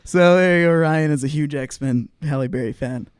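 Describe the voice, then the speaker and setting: A man's voice: a little high, normal speed, clear, resonant tone, no room sound, studio quality. A man in his late twenties, a podcast co-host, telling rambling anecdotes with lots of laughter in casual chat.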